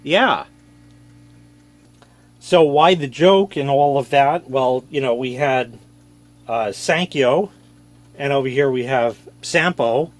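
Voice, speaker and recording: A man's voice: mid-range voice, takes it slowly, pauses often. A man casually showing an old gadget on camera, joking and mocking himself as he rambles. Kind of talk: casual show-and-tell.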